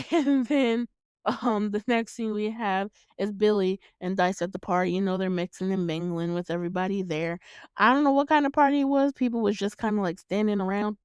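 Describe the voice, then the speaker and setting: A woman's voice: medium pitch, fairly quick, darkish tone, clean tone, dry recording, studio quality. A woman hosting her own show, recapping a movie in casual chat, swearing freely, laughing often and acting out her reactions. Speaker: podcast host reviewing a film.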